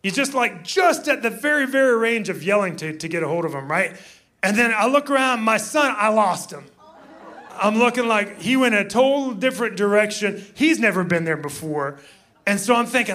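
A man in his fifties, a pastor telling a story in a sermon, animated and laughing as he acts out shouts. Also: high-pitched, brisk.

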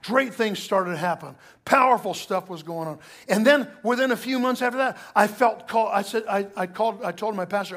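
A middle-aged male pastor preaching a sermon, telling a personal story with lively asides to the congregation. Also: high-pitched, brisk.

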